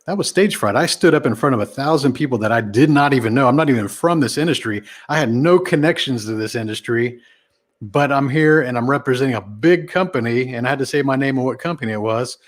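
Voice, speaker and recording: A man being interviewed as a guest on a podcast, talking casually and animatedly, shifting his pitch and volume for emphasis. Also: fast.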